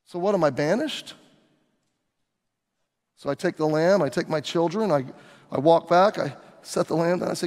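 A man's voice: fairly high pitch, normal speed, long pauses, a little mellow, big-room sound. A male pastor preaching a sermon, telling the story dramatically as if living through it himself. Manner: dramatic storytelling, acting out scenes.

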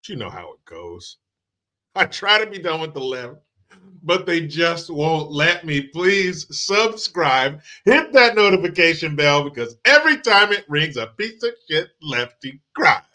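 A man's voice: a little high, very animated, a little slow, bright, forceful tone. A man hosting his channel, giving a sarcastic, mocking and profane rant about a video clip. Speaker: channel host. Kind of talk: ranting commentary on a clip.

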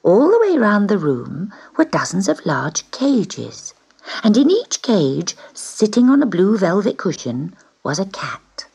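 A woman reading a children's storybook aloud in an expressive way, dipping into whispers on key words. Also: fairly low pitch, gravelly, breathy edge.

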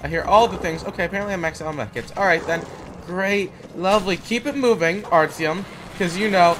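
A man's voice: sits high, fairly quick, noisy background. A young man giving let's play commentary, jumpy and sarcastic, yelping when startled. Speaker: gamer.

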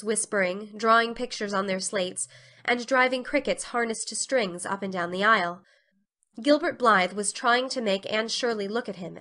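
Bright, expressive woman narrating a story. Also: fairly high pitch.

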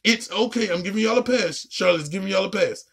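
A woman ranting casually and profanely while reacting to a show, with a raspy, gravelly voice. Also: medium pitch, brisk. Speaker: video reactor.

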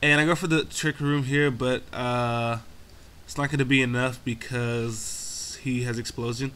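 A young man runs casual play-by-play over a game, his bright, forceful voice full of profanity. He rants at his opponent and mocks himself in loose, exasperated asides. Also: mid-range voice, fairly even intonation, a little slow, clean tone. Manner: exasperated, self-mocking asides. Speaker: gaming commentator.

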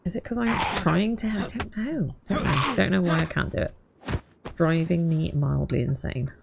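A young woman with a fairly low, fry-tinged voice plays a survival game for her gaming channel, speaking at a moderate pace. The recording is very noisy, and she chats wryly to herself throughout the gameplay.

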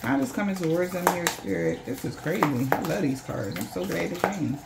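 A woman's voice: lowish voice, sing-song, fairly quick, gravelly, very noisy. A woman giving a loose, casual tarot reading, swearing freely and acting out the voices of the people she describes. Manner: loose, profane, acts out quoted voices. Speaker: tarot reader.

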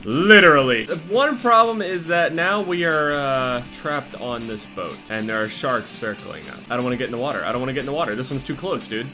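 A young man giving live gameplay commentary, cursing constantly and swinging from low muttering to panicked yells. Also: brisk, hardly any pauses, soft background music. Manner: profane, excitable, jumps from muttering to panicked yelling. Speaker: gaming commentator.

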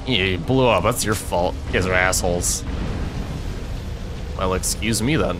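A man's voice: on the low side, normal speed, long pauses, music in the background. A young man commentating a video game he is playing, sarcastic and swearing a lot in frustrated outbursts. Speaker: let's play gamer.

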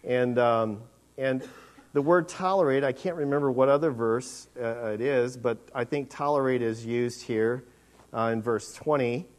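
A man's voice: mid-range voice, measured pace. A man preaching a sermon in a conversational, rambling way, with many fillers and restarts.

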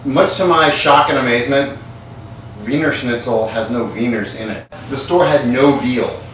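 A man's voice: mid-range voice, moderate pace, fairly bright tone, slight background noise. Rambling, swearing man in echoey kitchen. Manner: rambling, profane, tipsy banter while cooking. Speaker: cooking show host. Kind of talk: comedic cooking vlog. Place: home kitchen. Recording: very echoey kitchen, far from mic.

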